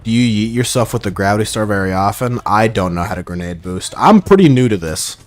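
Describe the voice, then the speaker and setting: A man's voice: on the low side, expressive, fairly quick. A man streaming a shooter game live, chatting casually in a rambling, playful way and reading viewer messages aloud. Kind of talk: casual live gameplay chat.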